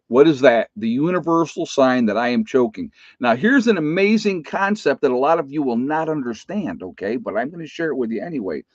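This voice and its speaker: A man's voice: mid-range voice, a little mellow, no echo. Middle-aged male nurse, casual and emphatic, dry close lo-fi take. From United States. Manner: emphatic, repeats "okay?" and "folks". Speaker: nurse giving preparedness advice. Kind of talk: casual chat to viewers.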